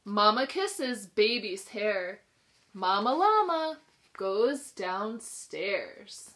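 Female preschool teacher for a picture-book read-aloud; slow, sing-song, bright and lively with the kids. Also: mid-range voice, slight background noise. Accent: New York. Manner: slow, sing-song, expressive reading with questions to children. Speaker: pre-K teacher reading aloud. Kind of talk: children's storybook read-aloud.

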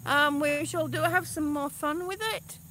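A woman chatting casually in a vlog, hesitant and filling pauses with ums. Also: high voice, steady tone, background noise. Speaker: vlogger.

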